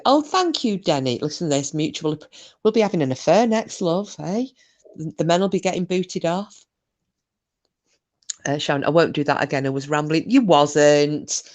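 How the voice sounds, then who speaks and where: A woman's voice: low voice, a little mellow. A middle-aged woman, hosting a casual livestream, reading chat messages aloud and trading cheeky, bawdy banter. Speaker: live stream host reading chat.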